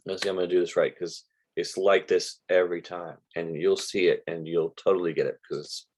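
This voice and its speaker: A man's voice: deep voice, flat delivery, fairly quick, a little mellow. An older American man teaching real estate investing in a casual live stream, telling stories and quoting conversations with sellers. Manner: chatty storyteller, quoting conversations, says "like" a lot.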